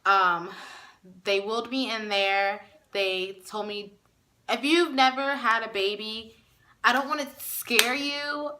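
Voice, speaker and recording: A young woman vlogger telling a personal story to camera in a chatty way, often pausing on fillers and close to tears. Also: a little high, steady tone, bright, forceful tone. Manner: chatty, with many fillers and restarts; emotional, near tears.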